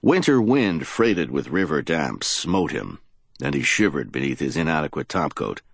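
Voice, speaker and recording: A man's voice: a bass voice, big pitch swings, moderate pace, gravelly, slight background noise. A man narrating a hardboiled crime audiobook in a dramatic storytelling manner.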